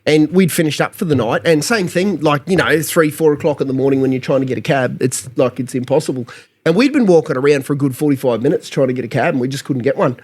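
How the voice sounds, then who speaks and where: A man's voice: fairly high pitch, quick pace, a little mellow, breathy edge. A man telling a party story on a casual podcast, easygoing and laughing often. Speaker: podcast co-host.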